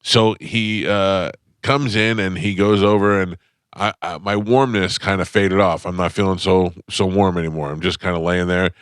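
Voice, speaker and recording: A man's voice: low voice, steady tone, moderate pace, a bit bright, clear, resonant tone, no echo. A male radio host in casual studio chat, telling a long, self-deprecating comic story with lots of detours. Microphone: studio microphone.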